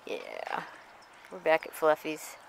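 A woman talks her way through a walk outdoors, narrating wildlife and cooing at the animals as she films. Her voice has a gravelly edge, and the handheld camera picks up plenty of outdoor noise around her. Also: sits low, wildly swooping pitch, takes it slowly. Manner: chatty, coos affectionately at animals. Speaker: vlogger filming wildlife. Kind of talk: casual narration while filming. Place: outdoors by a street and pasture. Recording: noisy outdoor camera audio.

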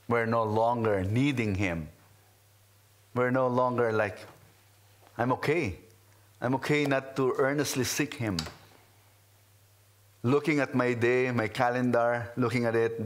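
A pastor with a first language other than English, preaching a sermon in a slow, earnest, reflective way with many pauses. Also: male voice, mid-range voice. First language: not English. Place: in his car.

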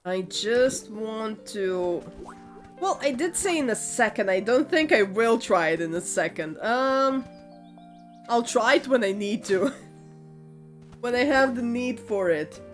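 A gaming video creator gives let's play commentary as she plays, hesitant and thinking aloud, often correcting herself. Her voice is a little high with lively intonation, and she speaks slowly over faint background music.

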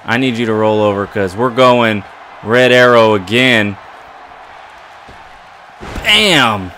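A man commentating his own wrestling video game play, excitable and trash-talking his opponent. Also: fairly low pitch, moderate pace, a faint crowd, slight background noise. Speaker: gaming commentator.

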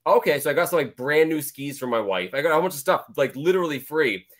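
A man hosting a casual collectors' chat, telling a story in an animated way. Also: fairly high pitch, fast. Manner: animated storyteller, acts out dialogue.

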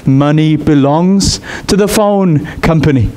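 A male preacher with a fairly high voice gives an expressive sermon. He pushes his pitch upward when he presses a point, then settles back down to explain. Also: measured pace.

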